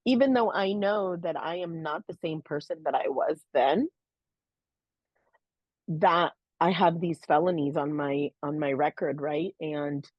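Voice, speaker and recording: A woman's voice: low voice, a little slow, no echo, muffled recording. A woman co-hosting a podcast, earnestly telling her own story in a heartfelt, casual way, with many "you know"s and "um"s. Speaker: podcast co-host. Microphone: podcast microphone.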